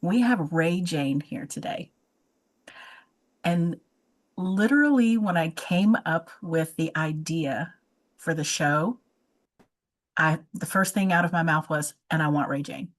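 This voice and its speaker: A woman's voice: sits low, slow, long pauses, low-quality recording. A woman hosting an interview show, talking in an effusive, chatty way with frequent restarts. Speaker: podcast host. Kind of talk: casual interview chat.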